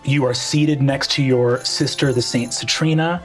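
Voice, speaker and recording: A game master narrates a tabletop role-playing scene in a relaxed, informal way. The pacing is loose and full of filler words. Faint music plays underneath. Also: mid-range voice, measured pace.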